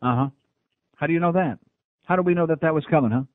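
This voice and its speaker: Male radio host, gruff, sarcastic, slightly high voice, dry tinny broadcast sound. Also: quick pace, dry recording. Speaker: radio talk show host. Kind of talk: call-in radio talk.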